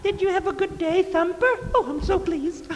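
A man's voice: extremely high pitch, normal speed, in a large hall, a little hiss or hum, pitched above the performer's own voice. A man voicing a doting woman neighbor who talks baby talk to her pet rabbits. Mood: cooing. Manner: sing-song baby talk, giggly.

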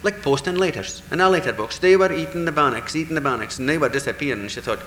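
Guy spinning an old fairy tale, bright forceful voice, bit of faint background hum. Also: on the high side, quick pace, reverberant, in a large hall, rough recording. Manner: lively, animated, voices characters in dialogue. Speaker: storyteller. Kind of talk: traditional folk tale telling.

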